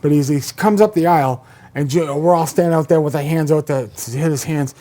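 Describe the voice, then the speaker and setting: Man, slightly high, rambling conversational storyteller who laughs a lot. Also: fairly quick. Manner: rambling storyteller, laughs often, trails off softly. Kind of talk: casual chat.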